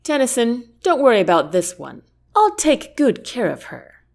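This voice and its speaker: A woman's voice: on the high side, huge pitch swings, moderate pace, vocal fry, pitched above the performer's own voice, heavily acted. A woman voicing a cocky young male sailor in a storybook, smug and drawling.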